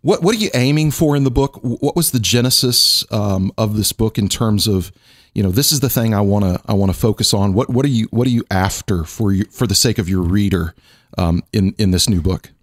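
A man's voice: on the low side, a little fast. A man who is a pastor, hosting a casual podcast conversation in a playful, bantering way with frequent restarts.

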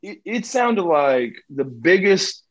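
A man telling long, rambling anecdotes as a guest, halting with many fillers and restarts. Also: sits high, sing-song, rough recording.

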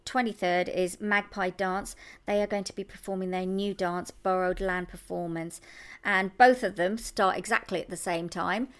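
A woman co-hosting a local podcast, chatting casually with a lively, bubbly manner. She laughs easily and runs through listings with cheerful enthusiasm. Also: medium pitch, clear, resonant tone. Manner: bubbly, laughs often, animated. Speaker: podcast co-host. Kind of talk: casual chat.

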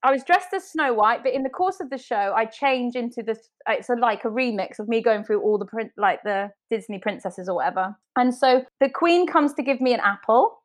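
A woman in her thirties, a podcast host, telling a story in a lively, laughing way. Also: fairly high pitch, a little fast, hardly any pauses. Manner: animated, laughs often, acts out quotes. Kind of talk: casual storytelling chat.

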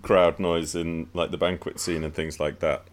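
A man's voice: deep voice, little pitch movement, moderate pace, a little hiss or hum. A man in a casual podcast chat, giving dry, blunt criticism. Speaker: podcast panelist.

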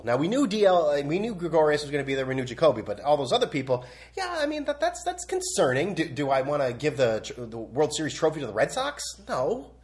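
A young man hosting a sports podcast, rambling and sarcastic in a casual opinion rant, blunt and full of restarts. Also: mid-range voice.

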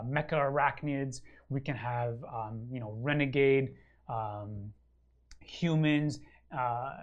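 A man in easy, unscripted conversation, pitching ideas with eager enthusiasm. He rambles through plenty of ums and uhs as he thinks aloud, sitting at a middle pitch for a man. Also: dull audio. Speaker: regular co-host of a wargaming show. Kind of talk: casual chat answering a listener question.

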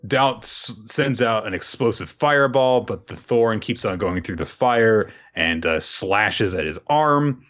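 A man with a low, bright-edged voice recaps a story in a laid-back way, chuckling and hedging with fillers. The recording is slightly dull and lo-fi. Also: lively intonation, unhurried, hardly any pauses. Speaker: podcast co-host. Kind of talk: casual chat recapping a manga.

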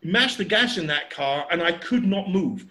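An older man in his sixties spins a long, chatty anecdote, acting out the noises and voices as he goes. His voice sits notably high for a man. The recording has a roomy echo around it. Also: moderate pace. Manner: animated, chatty, acts out voices and sounds. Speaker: storyteller. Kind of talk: casual anecdote telling.

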